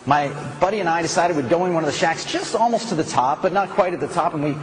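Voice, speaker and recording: A man telling a story as a motivational speaker, animated, with swings between loud outbursts and hushed stretches. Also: on the high side, fast, slight background noise.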